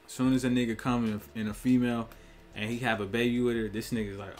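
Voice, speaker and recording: A man's voice: mid-range voice, little pitch movement, a little mellow, soft background music. A man giving a blunt, profane opinion rant full of slang, often acting out other people's lines. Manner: profane, blunt, slangy, acts out quick voices. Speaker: online commentator. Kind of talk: casual opinion rant to camera.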